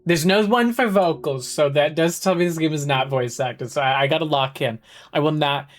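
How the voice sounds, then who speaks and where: A woman's voice: low-pitched, moderate pace. A woman streaming a game, chatting in a rambling, giggly way full of fillers and exclaiming at the screen. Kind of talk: casual live-stream chat while playing a game. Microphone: headset. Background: faint game music.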